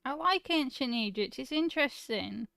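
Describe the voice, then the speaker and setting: A woman chats on a stream, rambling and giggling with the odd swear word. Her voice sits a little high, and the recording is dry and close. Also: lively intonation, normal speed, creaky, fairly bright tone, smooth, no room sound. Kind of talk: casual chat.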